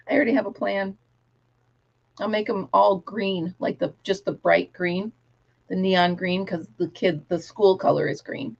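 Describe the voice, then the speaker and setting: A woman's voice: medium pitch, slow pace, creaky, long pauses, husky, highs cut off. A middle-aged woman hosting a casual craft livestream, chatty, laughing often and breaking into bits of song. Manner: chatty, laughs often, sings snatches of songs.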